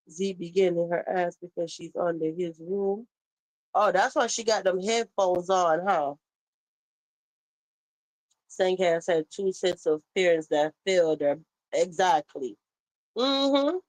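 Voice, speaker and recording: A woman's voice: medium pitch, darkish tone, rough recording. A woman with a Caribbean accent, hosting a heated live stream, reading chat comments aloud and scolding someone in a sassy way. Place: home.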